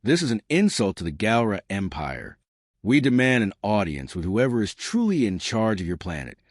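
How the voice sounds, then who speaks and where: A man's voice: fairly low pitch, very animated, normal speed, no echo, studio quality. A man voicing a pompous, defeated alien male supreme commander, indignant and blustering.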